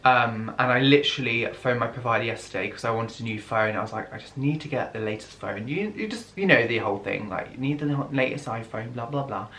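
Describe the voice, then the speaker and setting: A young man talks through an unboxing vlog in a gushing, excitable way, gasping and sinking into hushed whispers. His pitch sits in an ordinary middle range, and a faint hiss runs under the recording. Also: brisk, few pauses. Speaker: vlogger.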